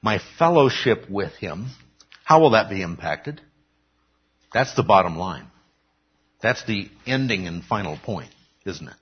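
A man's voice: lowish voice, expressive, unhurried, long pauses, husky. A man preaching a conversational sermon, often checking in with "okay?" and acting out quoted lines. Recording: dull lo-fi recording.

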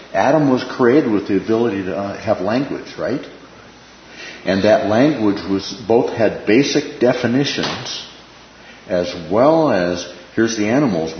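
A man's voice: on the low side, a little hiss or hum. A man leading an informal Bible class, talking conversationally, repeating phrases and checking in with "right?". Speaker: Bible study teacher. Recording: echoey room, dull lo-fi sound.

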